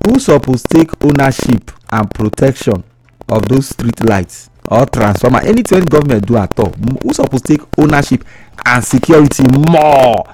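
A man with a Nigerian accent hosting a call-in radio show, talking in a lively, teasing way and drawing out key words. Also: mid-range voice, moderate pace, a little hiss or hum, poor audio.

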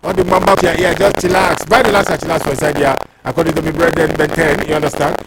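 A man's voice: on the high side, flat delivery, quick pace, vocal fry. A man with a Nigerian accent presenting casual radio in a playful, slangy, hyping manner. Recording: loud background noise.

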